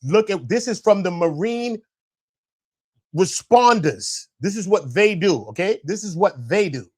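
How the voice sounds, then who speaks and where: A man's voice: sits high, lively intonation, measured pace, a little mellow. A man commenting on a livestream, insistent and slangy as he walks viewers through a clip. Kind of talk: casual reaction commentary.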